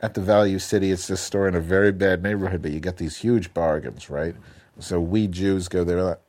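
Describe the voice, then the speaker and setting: A man's voice: low-pitched, a little fast, a little mellow. A man co-hosting a casual chat show, telling long rambling stories full of profanity and self-mockery. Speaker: podcast co-host.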